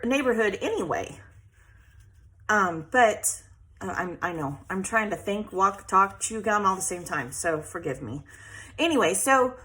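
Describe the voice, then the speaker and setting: Chatty middle-aged lady, scrapbooking at home, vents and laughs a lot, animated pitch. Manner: chatty, venting, laughs often. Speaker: scrapbooking vlogger. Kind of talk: casual chat while crafting.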